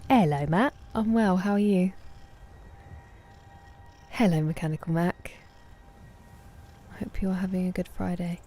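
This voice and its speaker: A woman chatting casually with live viewers while gaming, greeting them by name and dropping soft asides. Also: fairly low pitch, measured pace, pauses often. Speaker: streamer.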